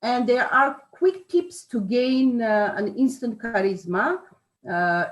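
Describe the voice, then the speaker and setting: A woman explains things slowly and carefully. She often pauses, uses fillers and corrects herself mid-phrase. Her voice carries a roomy echo. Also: medium pitch. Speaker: speaker on charisma. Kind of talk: informal talk with a participant. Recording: echoey room.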